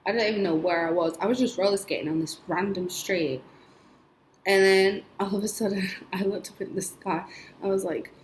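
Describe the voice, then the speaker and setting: A woman's voice: medium pitch, normal speed. A young woman vlogging, telling her dreams in a rambling, chatty way full of "like" and little laughs. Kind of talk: casual storytelling. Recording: echoey room with faint noise.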